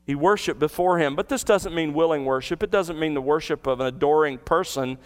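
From the pulpit, a pastor with a high, smooth, resonant voice delivers an expository sermon a little fast. He teaches earnestly, vividly retells the scene, and asks his listeners rhetorical questions.

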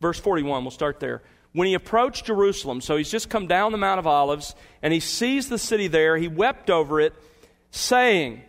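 Pastor guy preaching, kinda high voice, gets loud and fired up then goes quiet and pleading. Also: expressive, moderate pace. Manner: emphatic preaching, rising to high impassioned peaks and dropping to soft earnest appeals. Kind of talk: sermon.

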